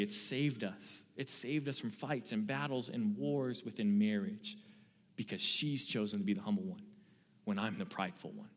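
A young man preaching as a youth pastor, earnest and personal, swinging between loud emphasis and hushed asides. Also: medium pitch. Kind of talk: sermon. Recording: long reverb of a large hall.

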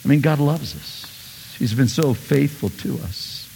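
A male pastor preaching a sermon, animated, swinging between loud bursts and soft asides. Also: medium pitch, measured pace, vocal fry, in a large hall, slight background noise.

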